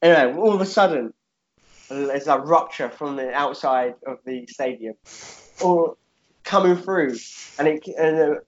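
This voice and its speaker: Casual male co-host, animated rambler, swears freely, checks in with "yeah?", dull lo-fi sound. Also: on the high side, a little slow. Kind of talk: casual chat, telling a made-up fight story.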